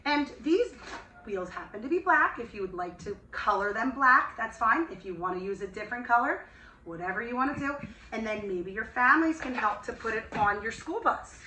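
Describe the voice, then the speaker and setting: A woman teaching young children in an online class, speaking in a sing-song, slow and gently enthusiastic way with gasps of delight. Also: fairly high pitch, lively intonation, recorded from a distance. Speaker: preschool teacher. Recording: echoey room, voice a bit off-mic, faint hiss.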